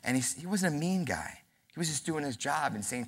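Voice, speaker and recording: A New York man in his early forties delivers a funny, self-deprecating keynote at a convention center, telling stories and acting out dialogue. His voice is fairly high and expressive, fairly quick, gravelly and slightly rough.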